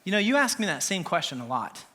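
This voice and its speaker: A male pastor voicing God as a patient, correcting father figure, lower and softer than his own speech. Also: sing-song, fast, full character voice.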